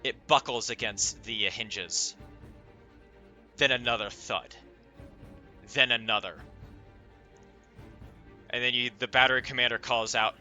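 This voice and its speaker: A man narrating a tabletop game as game master, halting often with filler sounds as he goes. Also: mid-range voice, fairly even intonation, pushed and bright, soft background music.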